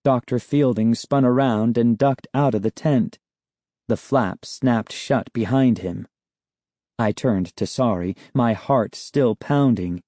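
A man narrating a chapter of a children's book in a measured storytelling way. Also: medium pitch, mellow, no echo, studio quality. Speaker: audiobook narrator. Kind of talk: scripted narration.

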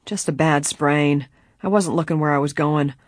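A woman voicing a male gardener, gruff and blunt, complaining after an injury, in a dry audiobook reading. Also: low-pitched, fairly even intonation, moderate pace, no room sound. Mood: sore.

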